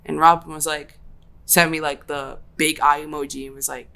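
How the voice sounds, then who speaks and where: A young woman with a low, deep voice hosts a casual podcast. She tells a personal story in slangy, animated talk and voices her own quoted lines. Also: normal speed, vocal fry. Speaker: podcast host.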